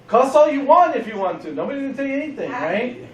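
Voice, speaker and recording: A man with a fairly high voice leads a police training briefing, casual and joking as he explains how the scenario will run. He sounds roomy and distant, picked up from across a big echoing space. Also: very animated, fast, highs cut off, a little hiss or hum. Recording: echoey room, from far off.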